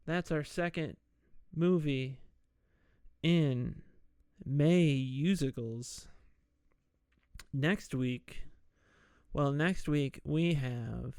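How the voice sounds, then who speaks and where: Slow, laid-back man recapping a film. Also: on the high side, vocal fry, darkish tone, smooth, no room sound, studio quality. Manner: slow, laid-back retelling with jokey asides and mock quoted voices. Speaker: podcast host. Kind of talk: casual solo movie recap.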